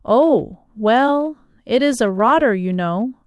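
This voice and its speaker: A bashful young Englishman, read by a woman, who trips over his words and keeps them earnest. The delivery is slow and smooth. The sound is close and dry. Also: a little high, animated, no echo. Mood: flustered. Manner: flustered, stammering.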